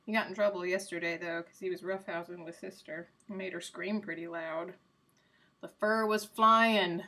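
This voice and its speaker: A woman's voice: fairly low pitch, fairly even intonation, moderate pace. A woman live streaming in casual chat, rambling and answering her viewers by name. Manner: coos softly to her cat.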